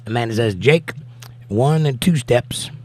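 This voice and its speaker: A man's voice: mid-range voice, unhurried, darkish tone, a little hiss or hum. Tired, laid-back middle-aged man streaming. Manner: laid-back, wry, reads comments out and answers them. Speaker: livestream host. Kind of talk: casual live-stream chat, reading viewer comments aloud.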